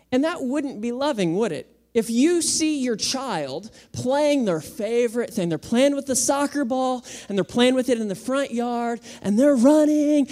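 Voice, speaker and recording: Speaking as a pastor, a man in his thirties delivers a sermon in a relaxed, conversational manner packed with everyday anecdotes. His voice is very high.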